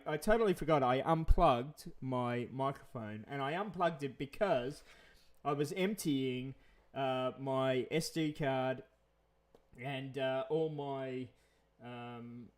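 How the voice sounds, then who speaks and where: A man hosting a casual live stream, out of breath from the flu, rambling with many fillers and restarts. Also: medium pitch. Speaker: channel host.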